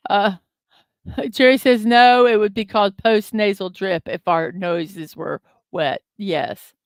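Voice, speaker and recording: A woman speaks slowly in a steady, mid-range voice as she hosts her daily morning livestream, musing aloud over a word puzzle. She reads viewer comments aloud, uses many ums and uhs, and her desk microphone delivers studio-quality sound without echo.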